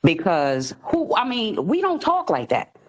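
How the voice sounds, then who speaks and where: A woman's voice: medium pitch, wildly swooping pitch, measured pace. Confrontational woman scolding in an online chat. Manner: confrontational, scolding, repeats herself. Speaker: participant in a live audio chat room. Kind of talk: heated online discussion.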